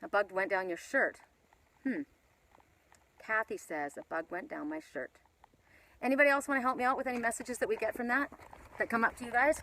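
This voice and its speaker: Outdoors in the mountains, a woman spiritual reader talks into her phone on a live stream, chatting casually in an animated, rambling way. Her voice is mid-range, and the background is noisy.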